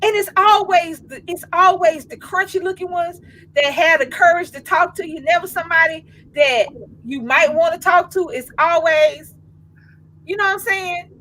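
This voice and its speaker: A woman in her fifties, co-hosting a casual chat and telling an animated comic story in slangy, laughing talk. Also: extremely high pitch, normal speed, poor audio. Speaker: co-host.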